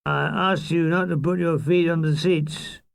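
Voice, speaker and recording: A man's voice: a little high, fairly even intonation, unhurried, gravelly, clear, resonant tone, dry recording. A man voicing a train conductor with prim, officious politeness.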